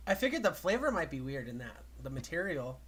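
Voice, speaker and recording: Laid-back man with a bright voice. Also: on the high side, very animated, a little fast. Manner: laid-back, brief responses. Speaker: host. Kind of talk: casual chat.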